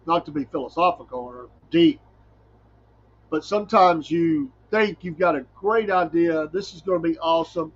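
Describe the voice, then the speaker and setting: A middle-aged preacher hosts a solo podcast, talking in a folksy, rambling way and laughing often. His voice is on the high side at a moderate pace, and the recording has its highs cut off.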